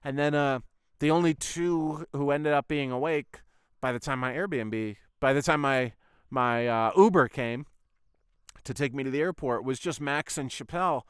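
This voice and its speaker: A man's voice: mid-range voice, normal speed, smooth, no room sound, clean studio sound. Rambling, sweary podcast host man. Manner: rambling, sweary, full of "like" and "I was like" retellings. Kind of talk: casual storytelling monologue.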